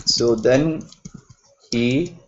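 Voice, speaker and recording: A man's voice: medium pitch, extremely slow, slight background noise. A man teaching a Quran explanation class in a conversational way, putting questions to his students. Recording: roomy, dull lo-fi classroom recording.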